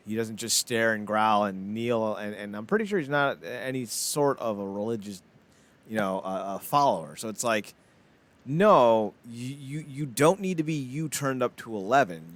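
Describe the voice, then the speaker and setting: A man's voice: lowish voice, a bit bright. A man co-hosting a casual podcast chat, rambling and blunt, swearing freely and leaning on "like.". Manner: rambling, blunt and profane, with frequent "like" fillers. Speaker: podcast co-host.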